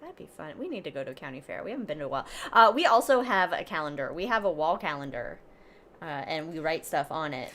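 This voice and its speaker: A woman's voice: deep voice, very animated, fast, fairly bright tone. A woman co-hosting a live podcast stream, chatting casually and animatedly with loose trailing asides. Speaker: podcast co-host.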